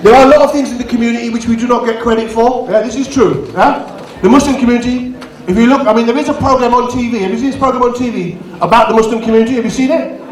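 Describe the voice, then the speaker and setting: A man doing live stand-up comedy and bantering with the crowd as compere. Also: very high voice. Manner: banters with the crowd, quick asides. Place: community venue hall. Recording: echoey hall, distant mic, audience.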